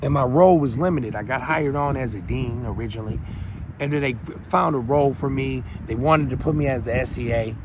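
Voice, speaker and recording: A man's voice: mid-range voice, a little fast, background noise. A man in his thirties hosting his own show, delivering a heated, preachy, rambling monologue with many restarts. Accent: Minnesota. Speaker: host. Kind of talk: impassioned solo monologue.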